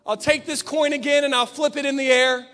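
A man's voice: very high-pitched, fairly even intonation, a little fast, fairly bright tone. A man preacher voicing a rich man who keeps pressing a deal, coaxing and pushy. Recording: long church reverb with faint piano.

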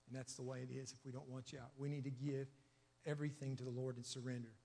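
A man preaching a sermon in a church, with emphatic, rhythmic repetition that swings from loud declarations to hushed asides. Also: mid-range voice, flat delivery, fast, creaky. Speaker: pastor. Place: church sanctuary. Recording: long church reverb.

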